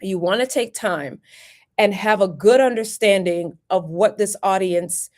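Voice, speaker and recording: A woman's voice: medium pitch, a little slow, a little mellow. A woman who works as a workplace lawyer and career coach gives live-streamed career advice in an emphatic, chatty way, repeating key points. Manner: emphatic, repetitive, chatty asides.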